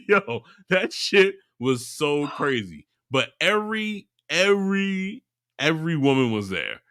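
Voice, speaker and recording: Animated, high-voiced man retelling a story. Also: unhurried, no room sound, clean studio sound. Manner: animated storyteller, laughs a lot, acts out characters. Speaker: podcast co-host. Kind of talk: casual chat.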